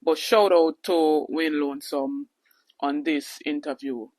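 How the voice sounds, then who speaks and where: Woman, news channel host, unhurried delivery, dry close sound. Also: low voice, fairly even intonation, a little mellow, no echo. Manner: greets viewers and sums up stories. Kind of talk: online news intro.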